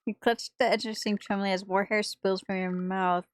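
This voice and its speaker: A woman's voice: medium pitch, steady tone, moderate pace, a little hiss or hum, rough recording. A woman reading a horror visual novel aloud for a gaming video, with dramatic narration and reactions.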